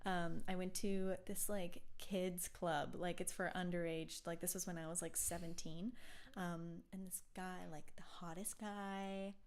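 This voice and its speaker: A woman's voice: fairly low pitch, flat delivery, a little slow, clean tone. Sing-song young woman chatting casually. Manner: sing-song, rising intonation. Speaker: podcast co-host. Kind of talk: casual chat.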